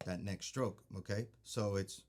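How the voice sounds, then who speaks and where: This drum instructor has a lowish, steady voice and an unhurried pace, with a little hiss or hum on the recording. Loud drumming and clicking sticks play behind him as he patiently explains, counts beats aloud, and checks in with "okay?".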